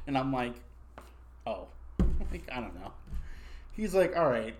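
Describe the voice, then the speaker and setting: A young man tells a long story in loose, rambling bursts, laughing at himself as he goes. His pitch sits right in the middle for a man, and the talk is casual and full of fillers. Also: very animated, a little slow, long pauses, darkish tone, a little hiss or hum. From Massachusetts. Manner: rambling, laughing, self-mocking.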